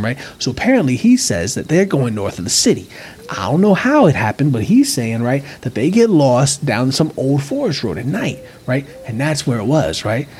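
A man with a husky voice narrates a tale in loose, streetwise slang. His pitch swings widely as he rambles, tagging his lines with "right?". It sounds like a relaxed spoken story. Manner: rambling, filler-heavy, keeps asking "right?". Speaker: reader, narrator. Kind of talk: casual slangy first-person storytelling.

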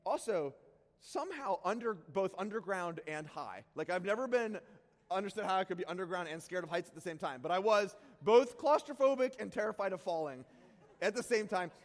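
A man preaching by telling a self-deprecating personal story, animated and prone to sudden shouts. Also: sits high, a little fast, big-room sound. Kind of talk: sermon storytelling.

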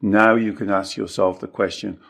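A man's voice: fairly low pitch, normal speed, gravelly. Emphatic male coach explaining his method. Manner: emphatic, lively, acts out quoted clients. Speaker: coach explaining his self-inquiry technique. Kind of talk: conversational teaching on a podcast.

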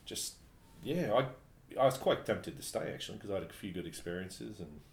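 A man from New Zealand telling travel stories in casual chat, animated and laughing often. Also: deep voice, normal speed, creaky. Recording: echoey room, faint background noise.

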